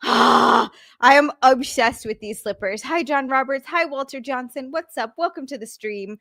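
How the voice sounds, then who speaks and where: A young adult woman hosting a live stream, chatting casually and bubbly, greeting viewers and squealing with excitement. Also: sits high, measured pace. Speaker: streamer and podcast host.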